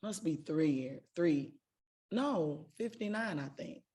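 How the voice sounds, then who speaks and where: Woman, 40s, from Jackson, Mississippi; podcast co-host, casual, animated storyteller. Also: deep voice, slow, slightly rough. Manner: animated storytelling, acts out quoted voices, laughs often. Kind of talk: casual chat.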